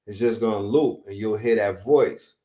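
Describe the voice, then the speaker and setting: A man's voice: on the low side, normal speed, warm tone, roomy sound. A man co-hosting a livestream, talking in a rambling, slangy, emphatic way. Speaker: guest co-host. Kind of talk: casual chat.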